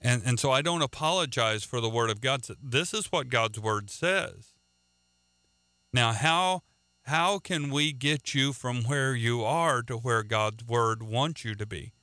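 A man's voice: medium pitch, measured pace, bright, forceful tone, no echo. A man preaching a radio sermon in an earnest way, often repeating words and restarting sentences.

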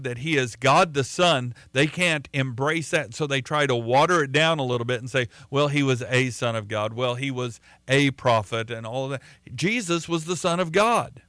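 A man's voice: a little high, fairly bright tone, no echo, clean studio sound. A man preaching a sermon in a conversational way, often repeating words and using fillers as he tells a story.

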